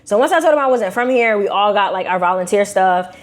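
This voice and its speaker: A young woman from Brooklyn with a New York accent, telling a personal story to her viewers in a casual, animated, slangy way. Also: medium pitch, brisk. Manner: animated, slangy, acts out quotes in shifting voices. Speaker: vlogger.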